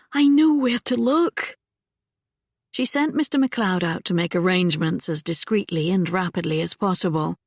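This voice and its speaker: A woman narrating a historical romance audiobook in a calm, measured manner. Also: fairly low pitch, no echo, clean studio sound. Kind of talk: scripted narration.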